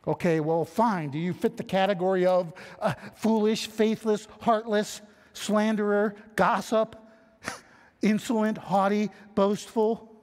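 High-voiced man preaching in a reverberant hall. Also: steady tone, a little slow, a little mellow. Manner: reads scripture aloud and voices imagined objectors; earnest, conversational teaching with rhetorical questions. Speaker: pastor. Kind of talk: expository sermon.

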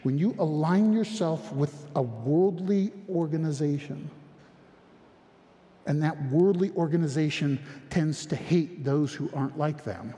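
A man preaching a sermon, with an impassioned manner and frequent restarts that rise toward near-shouting. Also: on the high side, a little slow, big-room sound. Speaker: pastor.

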